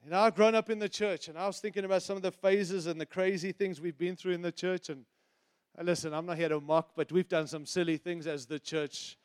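A middle-aged man preaching a sermon, animated and teasing, moving between loud emphasis and hushed asides. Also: high voice, fairly quick, smooth. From outside the United States.

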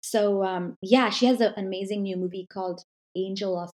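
A woman's voice: medium pitch, fairly even intonation, fairly quick, a little mellow. Chatty woman hosting a podcast. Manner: chatty, rambling questions. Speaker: podcast host. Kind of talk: casual interview chat.

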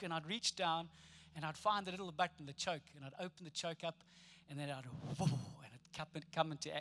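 A man's voice: high-pitched, quick pace, sharp tone. A middle-aged man from South Africa with a South African accent, preaching a sermon with humorous stories and playful asides to the congregation. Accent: South African English. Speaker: pastor.

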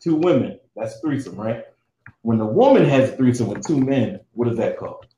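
A man's voice: mid-range voice, expressive, fairly quick, dark tone. A man co-hosting a casual podcast, laid-back and slangy, laughing often. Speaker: podcast co-host. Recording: echoey room with faint noise.

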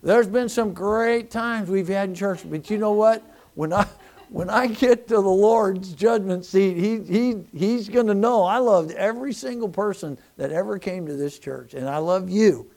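A man preaches to his congregation in church, his voice sitting high for a man. He talks in a folksy way, tripping over repeated words as he restarts his sentences. He swings from loud emphasis to quiet, hushed asides. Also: a little slow. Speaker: pastor. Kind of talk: sermon.

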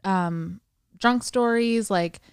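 A tipsy young woman in her twenties chats loosely with her co-host, giggling and cursing without a filter. Her voice sits at a medium pitch and sounds close and dry, with no room around it. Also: very slow, clean tone, no room sound. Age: 20s. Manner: tipsy, giggly, swearing freely. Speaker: podcast co-host. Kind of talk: casual chat. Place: sitting on a bedroom floor at home. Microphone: handheld mic.

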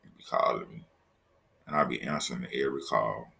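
A man's voice: extremely low pitch, a little fast, creaky, bright, forceful tone. A man hosting a casual solo podcast, joking loosely and talking straight to his listeners in slang. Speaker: podcast host. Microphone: laptop setup, talking to camera.

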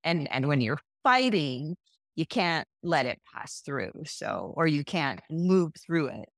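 Low-voiced woman coach, animated talk. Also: takes it slowly, creaky, no room sound, studio quality. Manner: warm-hearted, animated, acts out quotes. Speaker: podcast guest, breakup coach. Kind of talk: casual conversational podcast.

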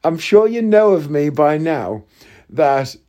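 A man's voice: a little high, expressive, slow. Chatty man with a big laugh. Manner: chatty, laughs loudly and often. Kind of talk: casual storytelling monologue.

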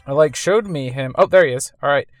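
A woman's voice: very deep voice, brisk, no echo, faint music behind. A woman casually commenting while playing a video game, chatty and self-amused. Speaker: let's-play gamer.

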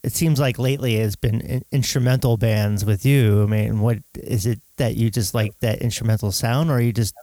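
A man interviewing a musician, asking long, rambling questions in a relaxed, joking way. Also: mid-range voice, normal speed, few pauses, no room sound. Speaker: interviewer and photographer. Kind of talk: casual interview.

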